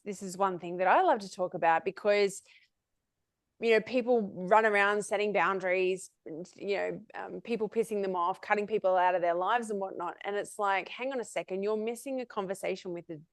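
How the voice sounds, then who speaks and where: A woman hosting a podcast speaks with eager enthusiasm and laughs often as she talks. Her pitch is ordinary for a woman. The sound is dry and close, with no room echo. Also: steady tone, normal speed. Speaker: podcast host. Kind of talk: casual podcast interview.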